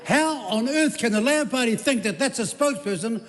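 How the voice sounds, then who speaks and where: A man's voice: very high voice, lively intonation, brisk, a bit bright. A man giving a combative, sarcastic parliamentary debate speech as a government minister. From New Zealand. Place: large parliamentary debating chamber. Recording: echoey debating chamber.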